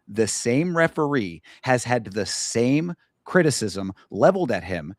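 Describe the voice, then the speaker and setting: A man's voice: medium pitch, very animated, unhurried, hardly any pauses, no room sound. Male podcast co-host, heated and emphatic, dry close sound. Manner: heated, emphatic ranting with restarts. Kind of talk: casual fight review chat.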